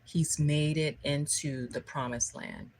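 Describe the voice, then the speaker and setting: Low, slow-talking woman spiritual speaker. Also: fairly even intonation, darkish tone, a little hiss or hum, rough recording. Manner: conversational storytelling, keeps checking in with "okay?". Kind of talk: spiritual livestream talk.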